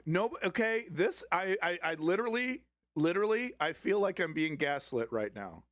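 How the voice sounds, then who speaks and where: A man's voice: high voice, expressive, moderate pace, few pauses, a bit bright, no echo. A man hosting a live stream, chatting casually and exasperated, swearing and talking back to his chat. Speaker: livestream host.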